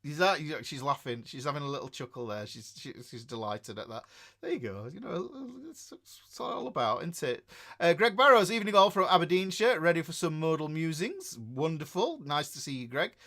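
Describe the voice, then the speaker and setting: Chatty northern English man, slightly high voice. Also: big pitch swings, fairly quick, fairly bright tone. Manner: rambling and chatty, with many fillers and restarts. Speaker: guitar teacher hosting a livestream. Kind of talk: casual livestream chat, reading out viewer comments.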